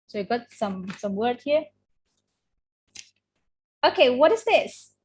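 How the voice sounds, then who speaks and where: Woman, Indonesian accent, English teacher, fairly high voice, classroom drills. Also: sing-song, slow, darkish tone, husky. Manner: repeats words for students to echo, switches between English and Indonesian. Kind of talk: classroom lesson.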